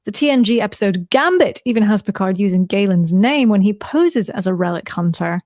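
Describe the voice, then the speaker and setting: A woman's voice: mid-range voice, expressive, fairly quick, a little mellow, no echo. A woman co-hosting a casual show recap, sharing trivia in an informative, lightly playful way. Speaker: podcast co-host.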